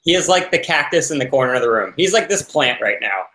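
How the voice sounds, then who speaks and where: A man's voice: medium pitch, animated, quick pace, pushed and bright. Laid-back young man in a roomy echo. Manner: laid-back, laughing, playful asides. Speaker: show host and former houseguest. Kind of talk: casual recap chat.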